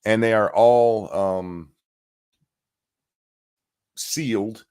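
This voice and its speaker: Guy with a lowish voice rambling through his stream, swears a lot, sarcastic, keeps restarting sentences. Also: fairly even intonation, drawn-out words, darkish tone, clean tone. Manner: rambling and profane, with frequent restarts. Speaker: livestream host. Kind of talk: casual livestream commentary.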